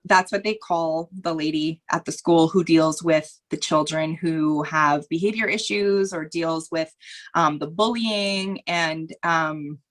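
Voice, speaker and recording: A low-voiced woman takes her time as a guest in a podcast interview. Earnest and candid, she talks in long, rambling runs, repeating phrases and at times growing emotional.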